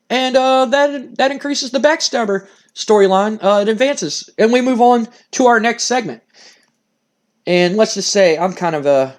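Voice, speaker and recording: Male let's-play host, casual rambling commentary, thinks aloud. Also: very high-pitched.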